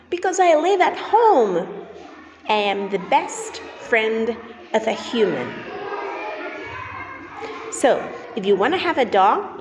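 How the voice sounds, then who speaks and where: A woman's voice: on the high side, voice pushed down. A woman playing a friendly farm dog for kids. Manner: slow, clear, sing-song teacher delivery. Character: friendly pet dog explaining itself to kids. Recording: reverberant room with steady noise.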